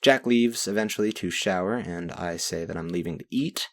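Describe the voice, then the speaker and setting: Young man, low voice, casual journal recap, rambling, profane, ranting. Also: normal speed. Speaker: vlogger reading his journal.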